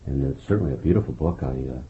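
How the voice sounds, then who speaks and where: A man's voice: rumbling low, racing, phone-quality sound, a little hiss or hum. A man interviewing an author, talking with many fillers and restarts. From United States. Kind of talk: radio interview.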